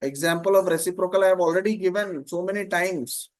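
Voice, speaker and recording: A man teaching an online grammar class, explaining slowly, repeating terms and often checking "Okay?". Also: high-pitched.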